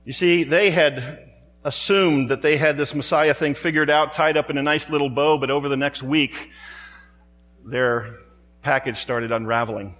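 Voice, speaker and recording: A man's voice: fairly high pitch, fairly even intonation, normal speed, a bit bright, long reverb tail. A man preaching a sermon in a church, dramatic and rhetorical, building his points through repeated phrases and pointed questions to the congregation.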